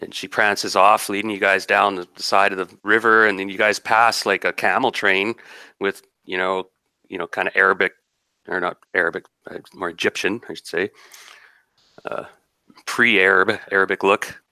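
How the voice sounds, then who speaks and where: A man's voice: low voice, flat delivery, normal speed, pushed and bright, clean tone, no room sound. A man narrating as game master of a tabletop game, rambling and descriptive with many restarts.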